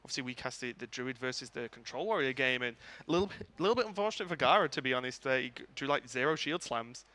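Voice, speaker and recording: A man casting a live esports match at a tournament venue, talking in quick, chatty play-by-play full of fillers. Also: mid-range voice, lively intonation, bright, forceful tone. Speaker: esports caster. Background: music.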